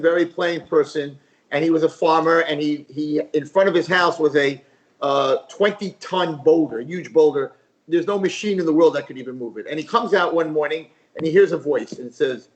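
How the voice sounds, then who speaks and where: Rabbi guy telling a story on a talk show, kinda high voice, repeats himself. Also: moderate pace, muffled recording. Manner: animated storyteller, repeats phrases. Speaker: rabbi, guest speaker.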